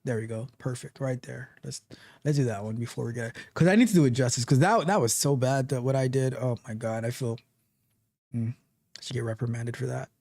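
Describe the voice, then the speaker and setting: A man hosting a live tech stream, talking casually with animated, repetitive joking asides. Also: mid-range voice, a little fast, vocal fry, no echo. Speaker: livestream tech show host.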